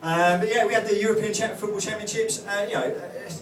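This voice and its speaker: Rambling stand-up comic in a club. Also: male voice, sits high, fairly even intonation, a little fast. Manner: rambling, hesitant, full of fillers and restarts. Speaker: stand-up comedian. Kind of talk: stand-up comedy set. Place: comedy club stage. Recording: roomy club sound from far off, loud crowd. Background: audience laughter.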